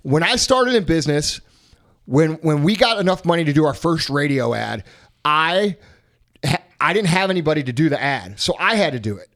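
A man hosting a podcast, telling a story in a casual, profane, animated way. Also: fairly high pitch. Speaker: podcast host. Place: podcast studio.

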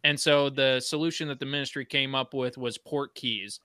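A man hosting a casual chat podcast, animated and jokey, sprinkling his talk with "you know". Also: mid-range voice, normal speed, smooth, no room sound, clean studio sound. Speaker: podcast host.

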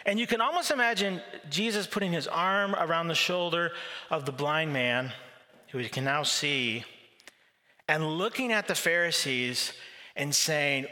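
Pastor guy telling the story with a lot of drama, voice a bit high, long church reverb. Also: measured pace, sharp tone. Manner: vivid storytelling, acting out quoted voices. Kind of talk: sermon. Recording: long reverb of a large hall.

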